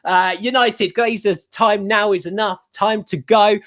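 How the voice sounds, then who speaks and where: A man's voice: sits high, steady tone, measured pace, fairly bright tone. A man hosting a live call-in stream, upbeat and urgently urging viewers to ring in. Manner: upbeat, urgently rallies callers. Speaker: host of a fan call-in stream.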